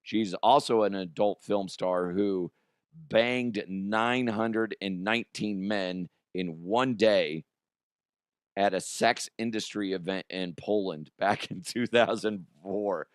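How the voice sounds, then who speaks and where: A man hosting a casual comedic news show, his voice hoarse and strained, joking crudely and laughing often. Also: on the low side, slow pace, no echo, studio quality. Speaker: podcast host.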